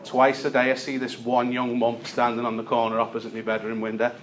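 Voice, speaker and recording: A young man from Liverpool with a Liverpool accent doing a stand-up set, deadpan storytelling with punchlines. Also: mid-range voice, a little fast, slight background noise. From Liverpool, England. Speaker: stand-up comedian.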